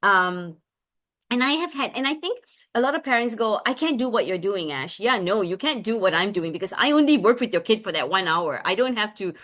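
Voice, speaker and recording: A woman's voice: mid-range voice, a little fast. A woman speech therapist giving a parenting webinar talk, chatty, with many fillers and restarts. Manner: acts out lively sing-song examples.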